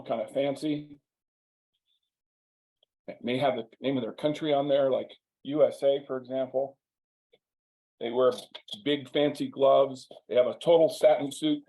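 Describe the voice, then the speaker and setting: A man's voice: medium pitch, mellow, low-quality recording. A man, a guest on a business interview, telling a wry, humorous anecdote and drawing a sales lesson from it. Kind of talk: anecdotal storytelling.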